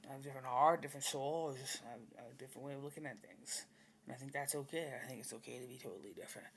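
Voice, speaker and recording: A man's voice: medium pitch, very fast, a little hiss or hum. A man talking in a rambling, casual monologue, blunt and profane with a swaggering edge.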